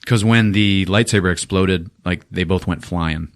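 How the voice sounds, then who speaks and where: A man hosting a podcast, retelling a film in a casual, profane and animated way. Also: low voice, moderate pace. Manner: animated, swears often, acts out quotes in silly voices. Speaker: podcast host recapping a film. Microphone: podcast mic.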